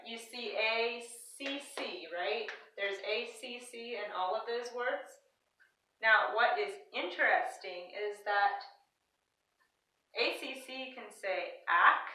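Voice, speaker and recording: Lady teacher, slow and bright, talking to little kids from across a roomy classroom. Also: on the high side. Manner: cheerful, patient, talks directly to the kids. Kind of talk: recorded classroom lesson for young children. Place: classroom with a board. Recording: echoey room, mic set far off.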